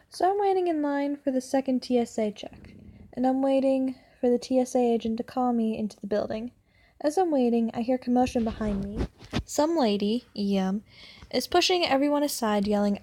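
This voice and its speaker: A young woman with a fairly high voice reads an online story aloud. She often trips over words and goes back to correct herself as she reads. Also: moderate pace, darkish tone. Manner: stumbles and corrects herself while reading. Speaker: story reader. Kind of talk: reading online stories aloud.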